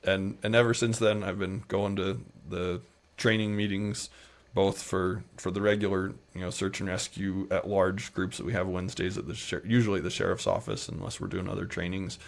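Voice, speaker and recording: A middle-aged man with a Utah accent and a fairly low voice, chatting easily as a podcast guest. He spins long, meandering stories and slips into playful imitations of the people in them. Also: moderate pace, gravelly, hardly any pauses. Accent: American, Utah. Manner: relaxed, rambling anecdotes with playful quoted voices. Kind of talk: casual storytelling interview.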